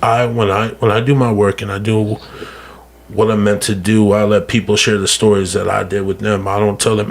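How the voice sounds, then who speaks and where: A man's voice: on the low side, little pitch movement, a little fast, creaky, slight background noise. A man speaking earnestly as a podcast guest, casual and emphatic, often repeating words and calling people "bro.". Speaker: guest speaker on mental health. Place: podcast studio.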